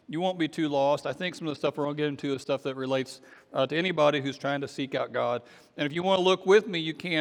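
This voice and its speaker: Gravelly pastor in a reverberant hall. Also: male voice, on the high side. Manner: casual, halting, many fillers and restarts; acts out quoted voices in a story. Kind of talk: sermon with storytelling.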